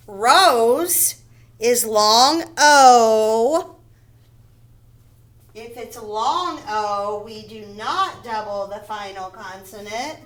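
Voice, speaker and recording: A woman teaching first graders in a recorded phonics lesson, with a voice a little higher than most. She speaks slowly and deliberately, repeating each word and spelling it out letter by letter. She often checks in with "okay?" and "right?". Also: fairly bright tone.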